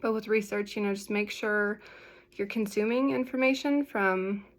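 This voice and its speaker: A woman's voice: mid-range voice, steady tone, moderate pace. A young woman talking casually to the camera in a vlog, rambling and filling her speech with "like". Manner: chatty, rambling, full of "like" fillers. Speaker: vlogger sharing her health story.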